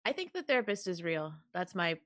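Woman, podcast host, casual movie chat, laughs a lot, lowish voice, dry close sound. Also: big pitch swings, brisk, a bit bright, no echo. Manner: laughs often, chatty with fillers.

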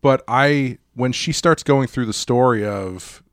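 A man's voice: mid-range voice, measured pace, no echo, studio quality. A man co-hosting a podcast and discussing a movie casually, with lots of hesitations and restarts. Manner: hesitant, restarts often, laughs easily. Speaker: podcast co-host.

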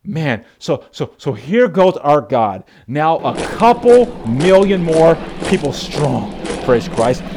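A male pastor preaching an impassioned sermon, swinging between emphatic exhortation and hushed reflection. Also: fairly high pitch, very animated, slow, hardly any pauses, background noise.

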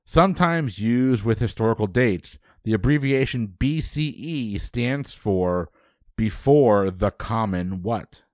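A man hosting a trivia quiz, reading questions briskly and dropping dry quips. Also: lowish voice, animated, darkish tone, no echo.

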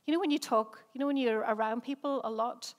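A middle-aged English woman, a senior pastor, preaching in a chatty, conversational way with rhetorical questions and quick restarts. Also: fairly high pitch. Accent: English, softened by time living in Northern Ireland. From England. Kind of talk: sermon.

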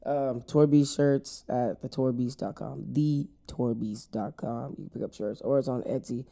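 Gravelly, dark-voiced male podcast host. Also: medium pitch, fairly even intonation. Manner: laid-back, joking, drawn-out storytelling. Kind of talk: casual interview chat.

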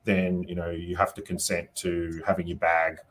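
A man's voice: low-pitched, level tone, moderate pace, a bit bright, slight background noise. An Australian man, a politician, answering interview questions in a casual way, thinking aloud and adding "you know" and "right?" as he goes. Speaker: politician guest.

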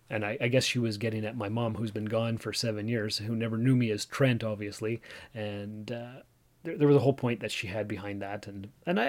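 A man in his forties talks alone into the mic for his podcast. He rambles and doubts himself, restarting his sentences often. His pitch sits in the middle range. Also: normal speed, darkish tone. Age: 40s. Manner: rambling and self-deprecating, with many restarts. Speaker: podcast host. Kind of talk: casual solo podcast monologue.

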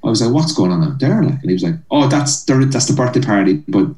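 A man's voice: mid-range voice, fast talker, roomy sound, recorded from a distance, low-quality recording. A man with an Irish accent, a comedian telling a long story with lots of energy, acting out the people in it and laughing. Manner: animated storyteller, acts out voices and laughs. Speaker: comedian guest. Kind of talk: storytelling anecdote.

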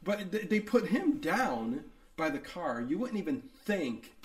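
A man's voice: sits high, big pitch swings, measured pace. A man co-hosting a casual movie review chat, rambling with many restarts and fillers. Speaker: podcast co-host. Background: co-host talking along.

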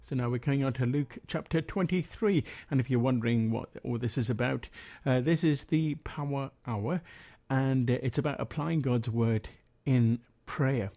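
A man's voice: medium pitch, normal speed, dark tone. A man leading a prayer meeting, reading Bible passages steadily and adding his own comments with hesitant fillers.

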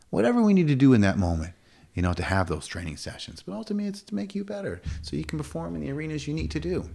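With a mellow, sing-song voice touched by vocal fry, a male fitness coach in his forties from the US chats casually in an interview. He is emphatic and repetitive, often jumping quickly to a high pitch.

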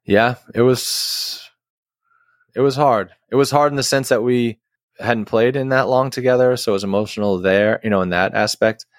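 A man's voice: medium pitch, moderate pace, no room sound, clean studio sound. A man who is a guest musician, telling a long story in a casual interview, rambling with many restarts and fillers.

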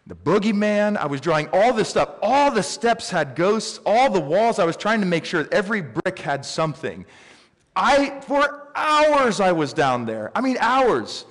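A middle-aged man preaching a sermon, telling stories with lively swings in pitch and pace. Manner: animated storyteller with big pitch swings. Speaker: pastor. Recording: reverberant hall.

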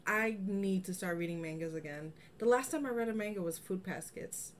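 A woman's voice: medium pitch, a little fast, a little hiss or hum. A woman co-hosting a podcast, chatting casually and animatedly. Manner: chatty, animated, laughs easily. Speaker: podcast co-host. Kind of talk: casual chat.

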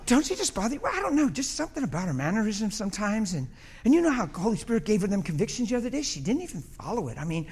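A man playing the Lord as a petty gossip, grumbling about a churchgoer in a quiet, catty tone. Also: very high voice, husky, full character voice.

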